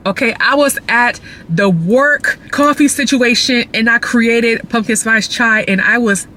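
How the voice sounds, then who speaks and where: A woman chatting casually to her viewers in a vlog, telling stories in an animated, slangy way while out running errands. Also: on the high side, measured pace, slight background noise. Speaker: vlogger.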